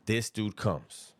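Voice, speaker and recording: A man telling a prison story in a relaxed, slangy, conversational way, chuckling at his own tale and dropping low and hushed on asides. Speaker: storyteller recounting prison life. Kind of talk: casual spoken storytelling.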